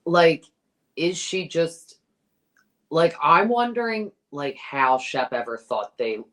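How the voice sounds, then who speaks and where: A woman's voice: low-pitched, lively intonation, slow pace, a bit bright. A woman guest on a podcast, chatting casually and gossiping, acting out quotes with many fillers. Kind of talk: casual chat.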